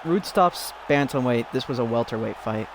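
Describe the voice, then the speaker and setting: A man casually commentating a fighting game, excitable and giggly, rambling between calls. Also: medium pitch, moderate pace, a crowd in the background, noisy background.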